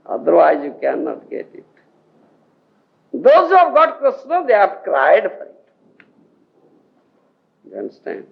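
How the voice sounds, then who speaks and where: Recorded on muffled 1980s lo-fi tape, an Indian spiritual teacher with an Odia accent lectures devotees from scripture at a measured pace, leaving long pauses. His voice sits high, swings hugely in pitch and has vocal fry. He speaks emphatically, laughs often and repeatedly asks if the audience understands.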